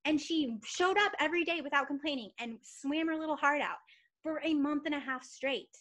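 A woman in her thirties giving an energetic, emphatic motivational talk to her team on a training call, telling a personal story. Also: high voice, moderate pace. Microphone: call or webinar mic.

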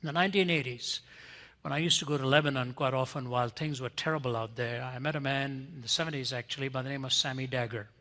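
A man preaching a storytelling sermon, swinging from hushed, intimate lines to loud, emphatic ones. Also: mid-range voice, fairly even intonation, fast talker. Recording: long reverb of a large hall.

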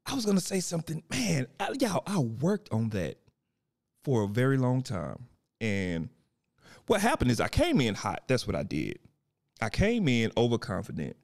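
A man hosting a casual podcast, animated and rambling, laughing as he talks. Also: medium pitch, moderate pace, creaky. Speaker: podcast host.

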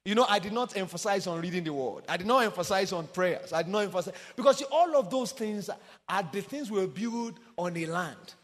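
A man preaching a sermon with passion, swinging from sung, shouted emphasis down to quiet low asides. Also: lively intonation, brisk. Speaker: pastor. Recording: long hall reverb.

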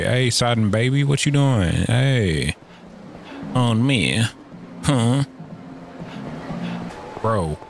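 A man giving loose, profane gameplay commentary, full of slang and playful trash talk aimed at the screen. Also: mid-range voice. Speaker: let's play gamer.

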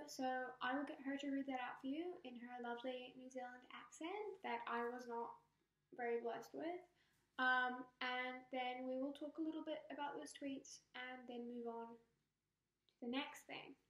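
A woman fan vlogger chatting excitedly, gushing and often laughing and squealing. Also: high-pitched. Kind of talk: excited casual fan vlog. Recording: roomy echo.

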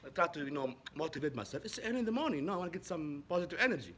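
A man from Saudi Arabia, a native Arabic speaker, telling a casual story in English; his voice jumps high when he gets excited. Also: rapid-fire, a little hiss or hum. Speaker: vlogger.

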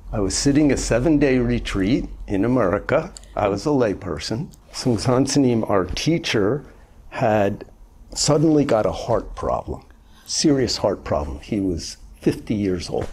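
Older man in his 70s, Zen teacher; husky, animated delivery, conversational and lightly humorous. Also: mid-range voice. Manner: conversational, gently humorous storytelling. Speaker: Zen master. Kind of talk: informal dharma talk answering a question.

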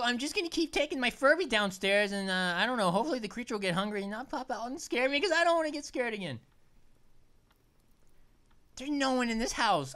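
A woman talks through a spooky game in a casual, chatty way, reacting loudly whenever something startles her. Her voice sits a little high and swings widely in pitch, rising sharply when she gets excited. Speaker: let's play host. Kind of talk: casual gameplay commentary.

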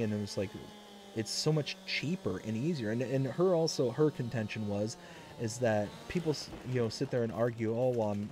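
Guy rambling on his stream, warm mellow voice, lots of uhs and likes, bit of hiss. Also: medium pitch. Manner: rambling, many fillers and restarts. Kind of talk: casual live-stream chat.

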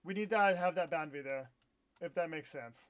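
Young man, high voice, excitable, swears a lot, live game-stream chatter. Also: brisk. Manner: excitable, swears, outbursts of frustration. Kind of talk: live gameplay stream commentary.

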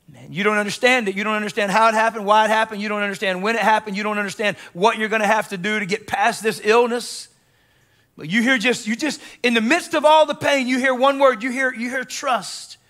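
Impassioned, bright-voiced preacher man. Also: sits high. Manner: impassioned preaching with sudden soft drops and rhetorical questions. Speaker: guest pastor. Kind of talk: sermon. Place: church sanctuary.

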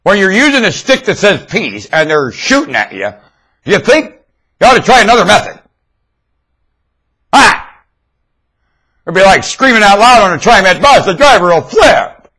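Man, webcam monologue, rambling, stammering, lively voice, a bit high. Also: moderate pace, long pauses, husky. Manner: rambling, repeats himself, stammers on I. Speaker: webcam vlogger. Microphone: webcam mic.

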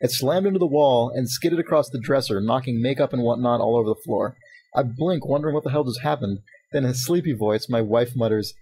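Man, podcast host, gravelly husky voice, quick delivery, reads emails, casual. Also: mid-range voice, low-quality recording. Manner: fast-talking, animated, laughs often. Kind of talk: casual chat, reading listener emails.

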